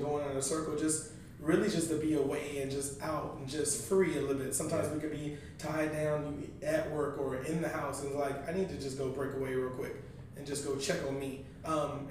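A man with a high voice talks casually on a podcast, telling animated stories and acting out other people's lines. He sits far from the microphone, so his voice rings around a very echoey room with a faint low rumble behind it. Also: a little fast. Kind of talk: casual chat.

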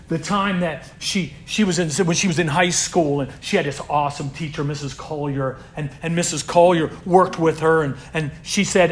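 A man who leads a youth group, telling stories in an inspirational sermon, earnest and repeating words as he builds, dropping to a hush and then rising loud. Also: on the high side, moderate pace, few pauses, a little hiss or hum. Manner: earnest, swings from hushed to loud emphasis.

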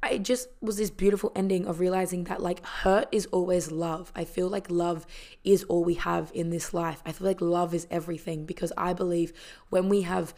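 A woman talks through a film's story in a loose, casual recap. Her voice sits a little low, and she sounds chatty and heartfelt, scattering fillers and the occasional swear word as she goes. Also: flat delivery, normal speed, gravelly, a little mellow. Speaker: vlogger. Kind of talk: casual movie retelling.

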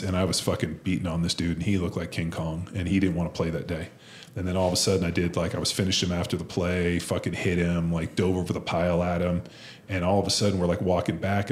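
Deep voiced guy rattling off cussing football stories fast, real casual. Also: a little hiss or hum. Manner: profane, animated storyteller. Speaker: podcast host, former football lineman. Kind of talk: casual chat, storytelling.

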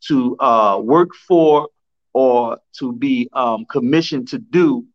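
A man's voice: mid-range voice, takes it slowly. New guy telling stories on a podcast, laid back and slangy, kinda dull lo-fi sound. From New Jersey. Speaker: guest, councilman and rapper. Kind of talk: casual interview talk.

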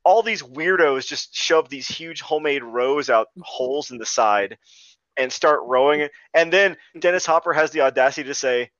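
A man's voice: on the high side, normal speed, no room sound, dull audio. Rambling, laughing man reviewing a movie. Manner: rambling, laughs often, animated retelling. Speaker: podcast co-host. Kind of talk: casual movie review chat.

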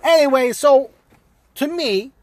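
A man's voice: very high voice, slow, darkish tone, dry recording. A man ranting on a podcast in a brash, heated and profane way, full of streetwise slang. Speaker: guest taking over a podcast. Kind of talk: casual profane rant.

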